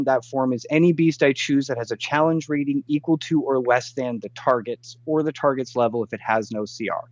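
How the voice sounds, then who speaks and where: A man's voice: a little high, no room sound, lo-fi sound. A man playing a tabletop game, casually describing his turn and reading the rules aloud at length, with fillers. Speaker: player.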